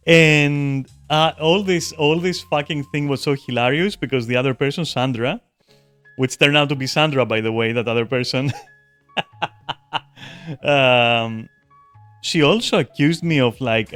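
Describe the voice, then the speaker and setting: Streamer, male, heated profane rant, voice runs a bit high, dead-dry mic, faint background music. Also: dry recording. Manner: heated, profane, swings loud and fast. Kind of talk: angry ranting stream chat.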